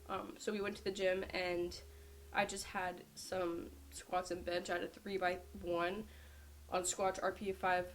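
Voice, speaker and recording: A woman's voice: medium pitch, a little hiss or hum. Chatty young woman telling a vlog story. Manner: chatty, lots of "like" fillers. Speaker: powerlifter vlogger.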